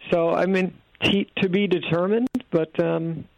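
A man's voice: sits high, steady tone, unhurried, gravelly, dull audio. A man guesting on a radio show, telling stories with enthusiasm and laughing easily. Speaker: podcast guest. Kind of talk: casual chat.

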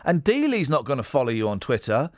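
A man hosting a radio talk show from a studio mic, rambling and teasing in an animated way. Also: mid-range voice, fast talker, dry recording. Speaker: radio host.

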